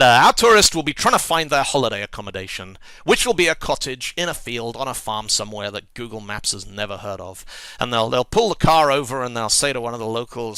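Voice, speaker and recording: A man delivers a talk with wry, lively storytelling. His voice is bright and gravelly, and his pitch swings widely. The sound is dry and close. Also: dry recording. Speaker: conference speaker. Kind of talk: presentation talk.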